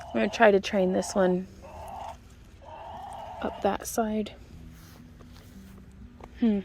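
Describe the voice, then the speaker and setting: A woman's voice: mid-range voice, steady tone, takes it slowly, long pauses, a little hiss or hum. A woman from Missouri, casually talking through a walk around her backyard homestead garden, chatty and folksy, laughing often. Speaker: homestead vlogger.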